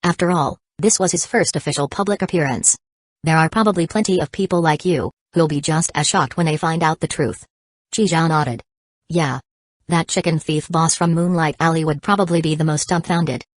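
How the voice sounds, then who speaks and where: A woman narrating an audiobook in an even, steady reading voice. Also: low voice, moderate pace, dry recording, studio quality. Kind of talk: scripted narration.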